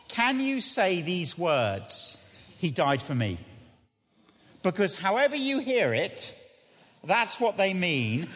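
A man preaches a sermon in an earnest, questioning way, repeating his key phrases. His voice sits high and swings widely in pitch. The sound carries a long church reverb. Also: a bit bright.

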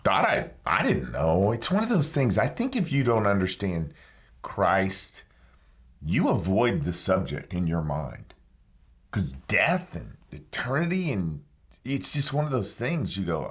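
A man in his forties with a deep, husky voice. He is a former soldier and a guest on a talk show, and he tells his story in a reflective, conversational way. He acts out old dialogue as he retells it. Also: sing-song, a little slow, a bit bright. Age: 40s.

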